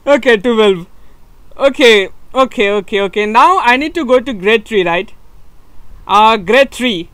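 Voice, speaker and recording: A young man from Nepal with a Nepali accent, streaming and commenting on his game live, excitable and laughing often, repeating words and switching between English and Nepali. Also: very high-pitched, slow, pauses often, dry recording. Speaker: gaming streamer.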